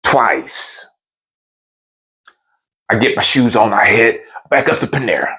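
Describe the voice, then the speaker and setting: A man telling a funny true story in a casual, conversational way. His pitch is very lively and swings widely. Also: brisk. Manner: animated, conversational. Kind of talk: comedic storytime.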